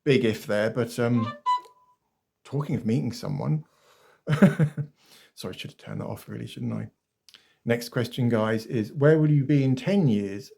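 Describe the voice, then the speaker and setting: A chatty English man with a mellow, soft-toned voice, talking straight to his viewers in a relaxed vlog. He laughs easily, makes fun of himself, and keeps calling his audience "guys." The recording sounds like it was made on a phone. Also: mid-range voice, measured pace, gravelly, long pauses, breathy edge. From England. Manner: chatty, often calls viewers "guys" and "beautiful ones"; laughs often, self-deprecating. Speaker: YouTuber. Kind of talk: casual vlog Q&A.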